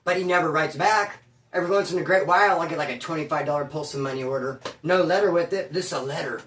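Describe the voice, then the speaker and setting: A man's voice: on the high side, fast talker, fairly bright tone, recorded from a distance. Slangy man storyteller, roomy sound. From California. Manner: slangy, streetwise, peppers talk with bro and dude. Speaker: former prisoner telling stories. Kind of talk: casual storytelling monologue.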